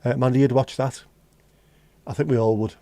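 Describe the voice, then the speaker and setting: A man's voice: mid-range voice, steady tone, normal speed, creaky, dark tone, no echo. Sweary scouse man chatting on stream. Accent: Liverpool (Scouse). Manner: blunt, sweary banter with chat. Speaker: livestream host. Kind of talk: casual live-stream chat.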